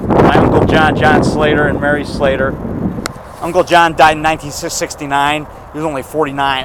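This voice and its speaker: Recorded on a handheld camera mic in an outdoor cemetery, the audio is low quality with a little hiss or hum. The speaker, a Chicago-area man in his fifties who vlogs, has a fairly high, slightly bright voice. He wanders off topic, speaking in fragments with fillers, restarts, and self-corrections.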